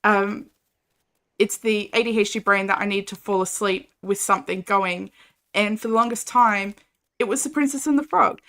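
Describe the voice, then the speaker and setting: A woman's voice: medium pitch, moderate pace, a bit bright. A young Australian woman chatting casually and animatedly while streaming a game, reading chat and laughing often.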